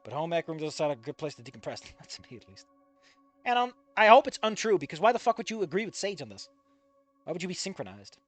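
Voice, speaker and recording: A man reading fanfiction aloud and breaking off into comedic asides, swearing freely and quick to laugh at the text. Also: a little high, big pitch swings, faint music behind. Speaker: fanfiction reader and commentator.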